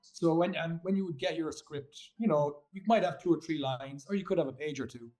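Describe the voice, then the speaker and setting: A man from Ireland with a softened Irish accent, chatting casually as an interview guest, rambling with fillers and restarts. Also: a little high, brisk, low-quality recording. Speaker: guest actor.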